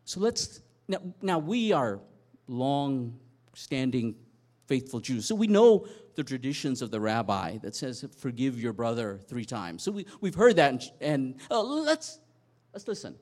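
A man preaching a sermon, telling a Bible story with animated storytelling and dramatic swings in loudness. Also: medium pitch, a little slow. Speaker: pastor.

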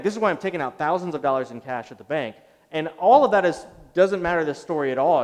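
A middle-aged male pastor preaching a sermon, telling a story on himself in an animated, self-deprecating way. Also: medium pitch. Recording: long reverb of a large hall.

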